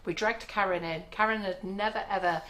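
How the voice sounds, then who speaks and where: In her sixties, a woman hosts a baking live stream from her kitchen, chatting in a rambling way and laughing often. Her mid-range voice is steady and brisk, with a sharp edge.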